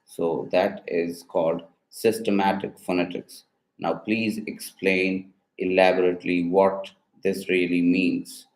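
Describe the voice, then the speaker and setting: A man reading out phonetics quiz questions, pausing hesitantly as he asks for explanations. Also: low voice, level tone, darkish tone, roomy sound, rough recording. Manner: hesitant, with filler pauses. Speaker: instructor posing exam questions.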